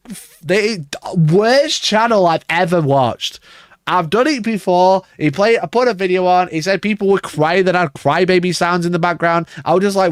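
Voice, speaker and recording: Exasperated man ranting, swinging pitch. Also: clear, resonant tone, no echo, clean studio sound. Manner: exasperated, swearing, sarcastic, laughing at himself. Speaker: wargaming YouTuber reacting to a video. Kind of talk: casual livestream rant.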